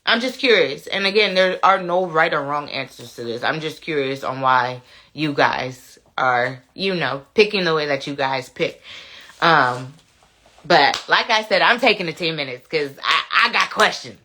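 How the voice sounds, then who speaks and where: A woman's voice: sits low, expressive, normal speed, bright, forceful tone. A woman hosting a casual live chat, reading viewer comments aloud, laughing and talking back to them. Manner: chatty, laughs often, talks back to commenters.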